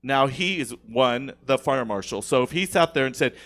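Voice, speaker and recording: A man's voice: mid-range voice, normal speed, gravelly. Man telling an indignant story. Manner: animated, indignant storytelling with many restarts. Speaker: podcast guest. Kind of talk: casual podcast chat. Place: studio.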